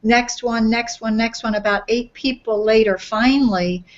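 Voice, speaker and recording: Laughing a lot, a female podcast co-host tells a story in casual chat. She speaks at a normal speed in a somewhat high voice, and the sound is lo-fi.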